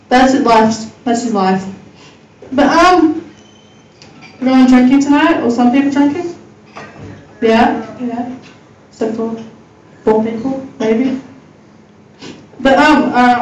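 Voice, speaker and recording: Woman stand-up, high voice, crude and chatty with the crowd, faint room noise behind her. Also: darkish tone, lo-fi sound. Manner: crude, swearing, chatty with audience, laughing at own jokes. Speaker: stand-up comedian. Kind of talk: stand-up comedy set. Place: comedy venue with audience. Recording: roomy, far from the mic, faint ambience.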